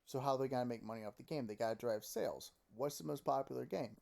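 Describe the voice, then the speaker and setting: A man in the middle of a fast, swearing rant about a video game, talking straight into a close desk mic at home. His voice sits in an ordinary middle pitch, and he keeps slipping into mocking impressions of other players. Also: gravelly. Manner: profane, animated ranting with mocking quoted voices. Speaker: gaming commentator. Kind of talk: casual opinion rant.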